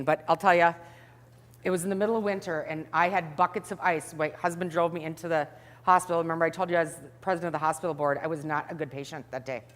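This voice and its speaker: Middle-aged woman telling a story to a crowd, acts it all out, voice rings around a big hall. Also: lowish voice. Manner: animated, acts out scenes. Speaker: speaker. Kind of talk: storytelling talk to an audience.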